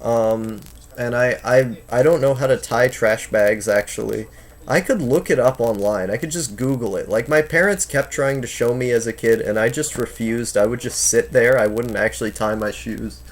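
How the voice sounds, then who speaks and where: A man in his twenties chats casually on a livestream from home, reading the chat aloud. His medium-pitched voice moves at a normal speed, and he rambles with lots of fillers and restarts.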